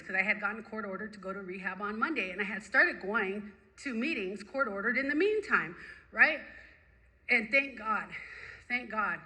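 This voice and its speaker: Woman, recovery-meeting speaker; vivid, repetitive, emphatic storytelling; very bright, cutting tone; mid pitch. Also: lively intonation, moderate pace, rough recording. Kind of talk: personal recovery story told to a group.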